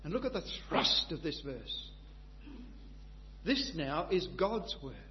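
A high-pitched man delivering a sermon, one moment soft and reflective, the next loud and emphatic. The recording is dull and lo-fi with a faint hum, and the voice carries a long hall reverb. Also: very animated, slow pace. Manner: impassioned, swings between quiet reflection and loud emphatic declaration. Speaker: preacher.

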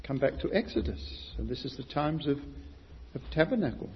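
A man preaching a sermon, building to loud emphatic stresses and asking his listeners questions. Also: medium pitch, very animated, normal speed, a little hiss or hum. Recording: muffled recording with long hall reverb.

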